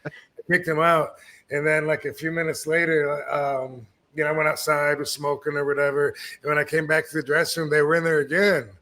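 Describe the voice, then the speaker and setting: A man's voice: a little high, little pitch movement, fairly quick, bright, forceful tone. A middle-aged man, a podcast host, telling laid-back stories in casual chat and swearing freely. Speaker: podcast host, former wrestler.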